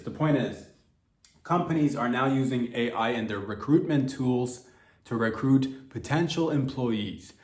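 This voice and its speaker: A man hosting a comedy podcast, rambling through a loose monologue, cursing freely and jumping into mock voices and loud outbursts. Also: mid-range voice, normal speed, echoey room.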